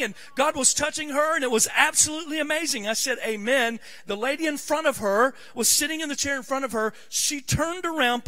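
A man's voice: very high-pitched, sharp tone. A middle-aged male pastor preaching a sermon in a church, telling stories in a conversational way that rises to fervent preaching. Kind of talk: sermon with personal storytelling. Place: church sanctuary.

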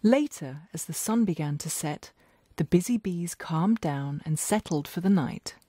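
Slow, lively woman narrating a bedtime story. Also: on the low side, breathy edge, dry recording. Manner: gentle, slow, expressive.

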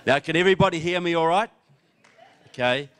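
A middle-aged New Zealand man speaks to a crowd as the guest speaker, his voice sitting a little higher than most men's. He mixes political argument with joking, folksy asides and keeps calling his listeners "folks.". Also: a little fast, fairly bright tone, clean tone. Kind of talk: political speech to a live audience.

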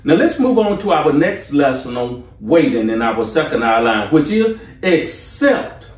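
A man preaching a sermon as pastor, slow and deliberate with rising emphasis. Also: fairly high pitch, big pitch swings, reverberant, far from the mic.

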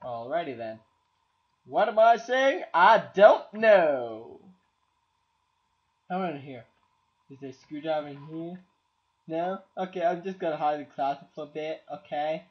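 A man's voice: on the high side, lively intonation, unhurried, pauses often, muffled recording. A man with a cold commentating a game, exasperated and swearing, talking to objects on screen. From Canada. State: has a cold. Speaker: gameplay commentator. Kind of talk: let's play commentary.

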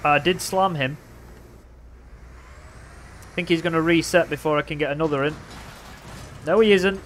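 A young man casually commentating his own racing game, playful and excitable, with loud bursts of trash talk. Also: fairly high pitch, normal speed, a little hiss or hum. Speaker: gaming commentator.

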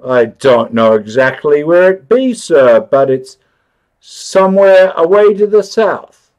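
A man doing a slow, musing country farmer. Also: fairly high pitch, animated, a little mellow, pitched above the performer's own voice. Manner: musing, rustic dialect grammar.

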